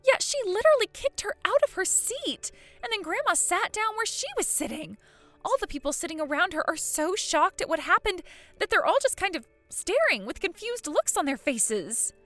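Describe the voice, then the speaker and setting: A woman voicing an excitable teenage granddaughter in a voiced story drama, chatty and blunt. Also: very high voice, moderate pace, faint music behind, heavily acted. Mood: worried.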